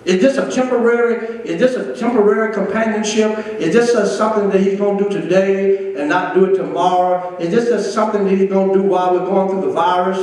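Man, pastor, emphatic sermon, fairly high voice, heard from a distance. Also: steady tone, a little mellow. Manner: emphatic preaching with repeated phrases and drawn-out quotes. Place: church. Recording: echoey church room from far off.

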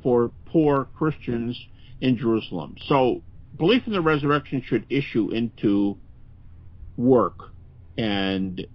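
A man's voice: medium pitch, animated, slow, no room sound. An older man, a guest scholar in a podcast interview, speaking earnestly and conversationally with frequent restarts. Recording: dull, lo-fi podcast audio.

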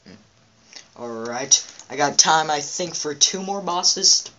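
A man's voice: fairly high pitch, lively intonation, takes it slowly, pushed and bright, slight background noise. A man giving rambling, chatty commentary on his own gameplay, talking straight to his viewers from a home setup. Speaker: let's play gamer.

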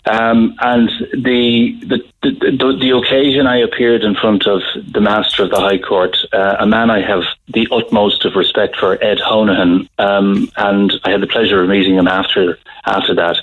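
A middle-aged Irish man telling a story in a radio interview, halting, with many restarts. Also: fairly low pitch, flat delivery. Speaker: guest author. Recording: phone-line audio.

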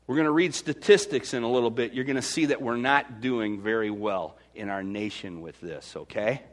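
A Midwestern American man preaching a sermon as pastor, swinging from loud to hushed. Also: medium pitch, moderate pace.

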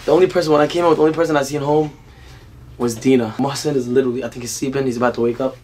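A man in his twenties talking casually to his vlog viewers from home, energetic and playful with lots of fillers. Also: medium pitch, rapid-fire, slight background noise. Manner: energetic, playful, talks in bursts with many fillers. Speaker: vlogger. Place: family home indoors.

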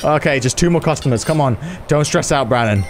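A man hosting a gaming video, giving excitable let's-play commentary, swearing and yelling in reaction. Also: mid-range voice, a little fast, soft background music.

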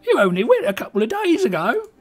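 A man doing a shrill falsetto British wife. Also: huge pitch swings, quick pace, full character voice. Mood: teasing. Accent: bad put-on British accent.

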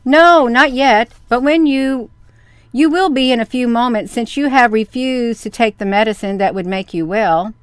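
A woman's voice: fairly high pitch, normal speed, smooth, dry recording, lightly acted. A woman voicing a grim, grumbling black rabbit that bears a coffin in a storybook reading.

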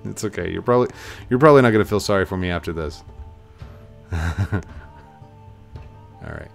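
A man with the sniffles giving casual let's-play commentary at home. He is excitable and bursts into laughter and high yelps. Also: normal speed, gravelly, long pauses, soft background music. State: sniffly, stuffy nose. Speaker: gaming YouTuber.

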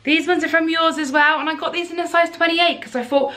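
A woman's voice: extremely high pitch, steady tone, brisk, few pauses, bright, forceful tone. A young woman chatting casually to camera in a try-on haul, outspoken and exasperated. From United Kingdom. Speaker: fashion vlogger.

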